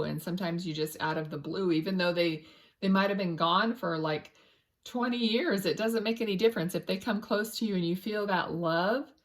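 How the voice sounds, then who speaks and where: Speaking at a fairly low pitch, a woman works through a tarot reading as a psychic medium. She rambles casually, restarts often while hunting for words, and softly addresses spirit between cards.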